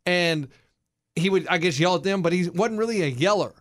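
A man co-hosting a casual talk show, relaxed and rambling as he tells anecdotes. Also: high-pitched, brisk. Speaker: co-host. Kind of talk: casual radio chat.

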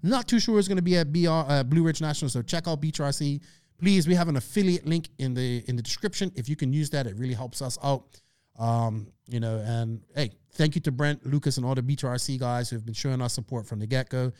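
Male podcast host, casual and chatty. Smooth, dry close-mic sound. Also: mid-range voice, brisk, a little mellow, no room sound. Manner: loose and chatty, reads listener questions aloud.

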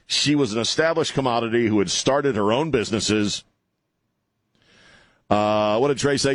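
A man's voice: medium pitch, normal speed, long pauses, dry recording. A man hosting an opinionated political talk show, sarcastic and mocking, rambling with many fillers.

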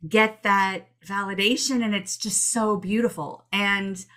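Chatty woman cohost telling stories, bright tone, middle-aged. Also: medium pitch, measured pace. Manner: chatty, animated storyteller. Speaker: podcast co-host. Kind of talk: casual chat.

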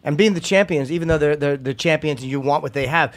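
Male podcast host, raised pitch, quick questions. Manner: quick, searching questions with restarts. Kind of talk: casual interview questions.

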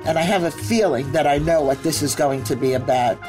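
Older woman, grandmother and storyteller. Lively delivery, laughs easily, faint music behind. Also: deep voice, a little fast. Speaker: grandmother interviewed by her grandson. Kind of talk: family storytelling.

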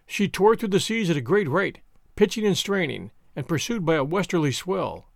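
A man hosting and narrating an audiobook with a steady, expressive reading. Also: sits high, moderate pace, gravelly, no echo, clean studio sound.

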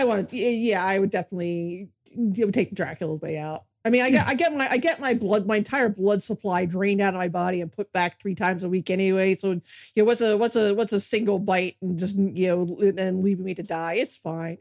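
A woman's voice: medium pitch, brisk. A woman co-hosting a podcast who talks casually, with dry humor and frequent restarts. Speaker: podcast co-host. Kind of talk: casual film chat.

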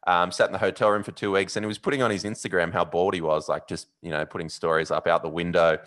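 An Australian man with a very low voice tells a long story in casual chat. He rambles, fills gaps with ums, and gets animated as the story builds. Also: fast. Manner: animated, rambling, with fillers and loud yelled bits. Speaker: podcast host.

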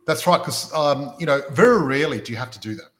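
A man's voice: a little high, lively intonation, fast, a bit bright. Aussie guy on a podcast, chatty, tells little stories, keeps asking "you know what i mean?". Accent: Australian. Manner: storytelling, rhetorical questions. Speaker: podcast host and property investment mentor. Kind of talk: casual podcast chat.

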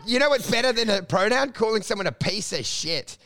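A man's voice: high-pitched, lively intonation, fairly quick, hardly any pauses, pushed and bright, no echo. A man, co-hosting a casual comedic chat, riffing crudely and ranting in mock voices.

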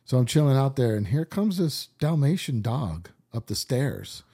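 A man's voice: medium pitch, sing-song, normal speed, dark tone, slightly rough. A man from Southern California telling stories in a casual, rambling chat, full of fillers and restarts. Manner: laid-back rambling, many fillers. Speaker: musician guest.

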